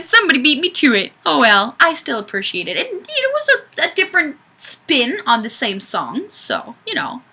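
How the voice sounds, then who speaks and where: A woman's voice: a little high, pushed and bright. A woman hosting a webcam livestream, reading viewer comments in a chatty, self-deprecating way. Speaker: livestream host. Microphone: webcam mic.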